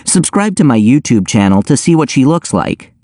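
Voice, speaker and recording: A man narrating an audiobook in the first person with a wry, deadpan delivery. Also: mid-range voice, moderate pace, dry recording, studio quality.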